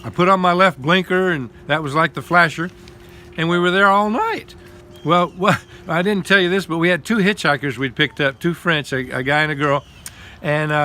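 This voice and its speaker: An older man casually telling a missionary travel story outdoors in the cold while his wife films him on a phone, folksy and quick to laugh. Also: on the high side, bright, forceful tone. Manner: chatty, folksy, laughs often. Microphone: phone camera held by his wife.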